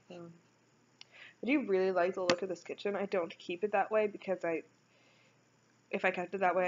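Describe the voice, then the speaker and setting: A woman's voice: lowish voice, a little mellow, highs cut off. A young woman rambling casually over a video game build, often stopping to correct herself. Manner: rambling, chatty, self-correcting.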